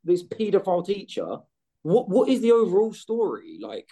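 A man co-hosting a gaming podcast, talking in animated casual chat with lots of swearing and restarts. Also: high voice, normal speed, a crowd in the background. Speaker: podcast co-host.

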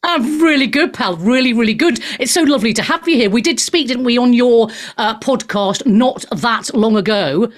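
Woman radio host, a touch high-pitched, rambling and opinionated, laughs a lot. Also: moderate pace, few pauses. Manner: animated, rambling, laughing often. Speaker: radio talk show host. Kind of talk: casual opinionated news chat.

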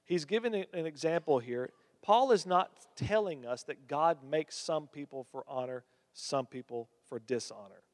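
High-voiced male preacher in reverberant hall. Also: unhurried, few pauses. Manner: animated storytelling, voice climbs when excited. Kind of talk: sermon.

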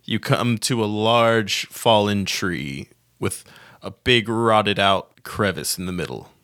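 A man's voice: lowish voice, slow, a bit bright, no room sound, clean studio sound. A man running a tabletop game as game master, describing scenes in plain storytelling narration.

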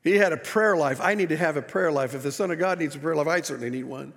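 Gravelly-voiced male pastor preaching in a hall. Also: a little high, fast. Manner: animated preaching, voice rising and falling, wry asides. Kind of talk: sermon. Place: church sanctuary.

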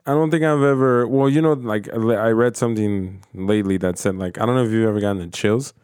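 A low-pitched man swaps stories in loose, profane talk, full of fillers and restarts. The sound is dry and close, with no room around it. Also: quick pace, darkish tone, clean tone, dry recording. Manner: profane, rambling storyteller. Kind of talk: casual chat.

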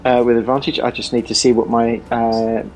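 A man's voice: medium pitch, level tone, a little fast, darkish tone, a little hiss or hum, low-quality recording. A man playing a tabletop game, talking politely with many uhs. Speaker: player. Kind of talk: casual game chat.

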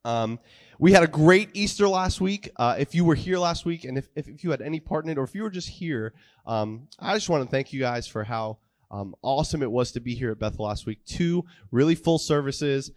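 A man from New York preaching a casual sermon as a church's student director, talking fast with many fillers while a bit stuffy from a cold. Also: medium pitch, animated, long reverb tail. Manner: quick-talking, chatty, many fillers and restarts. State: stuffy, getting over a cold. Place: church sanctuary.

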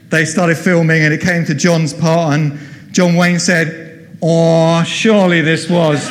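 Chatty male preacher in a hall. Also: a little high. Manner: chatty, quizzing the congregation. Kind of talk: sermon. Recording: long hall reverb.

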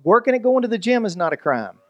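A man's voice: sits high, very animated, fast talker, a bit bright, dry recording, highs cut off. A male pastor preaching a sermon in a loose, conversational way, joking with the congregation and often restarting his sentences.

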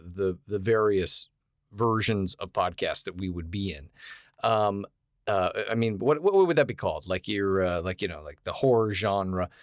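Playful rambling man, lively voice. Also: fairly low pitch, no room sound, studio quality. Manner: playful, self-mocking, rambling. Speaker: podcast co-host. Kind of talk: casual banter.

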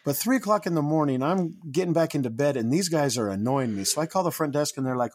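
A man co-hosting a podcast, telling a story in casual chat with animated, rising indignation. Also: fairly high pitch, fast, few pauses. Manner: animated, rising to loud indignation when quoting himself. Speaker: podcast co-host.

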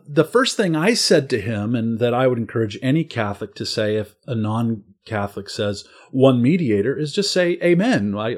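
A man in a relaxed conversation, earnestly explaining points of faith and stressing key words. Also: lowish voice. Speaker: guest. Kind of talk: casual theological conversation.

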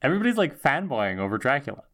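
A man's voice: mid-range voice, sing-song, rapid-fire, a bit bright. A man co-hosting a podcast in an easy, joking way. He laughs a little through his lines as he recaps. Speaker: podcast co-host. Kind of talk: casual chat recapping a TV episode.

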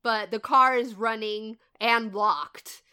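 Slow-talking high, bright-voiced woman. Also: steady tone, smooth. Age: adult parent. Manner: giggly, swears while retelling scenes. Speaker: podcast co-host. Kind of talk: casual chat recapping a TV show.

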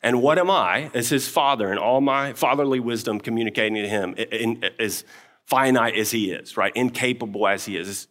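A man's voice: mid-range voice, a little fast, fairly bright tone. A man preaching a sermon in an earnest, conversational way, telling a personal story with many asides and then leading a prayer. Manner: acts out quoted speech, dropping to a whisper at times. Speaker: pastor.

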